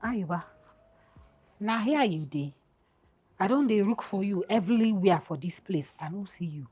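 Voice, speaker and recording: A woman's voice: medium pitch, animated, normal speed, a little mellow, breathy edge, faint music behind. An actress playing a jealous young woman who speaks Nigerian Pidgin and confronts her lover in a film. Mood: reproachful. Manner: accusing, emotional pidgin talk.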